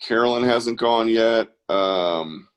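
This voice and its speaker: A man's voice: on the low side, slow, smooth. A man hosting an online art class on a video call, chatty and encouraging as he guides kids. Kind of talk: casual live-stream instruction.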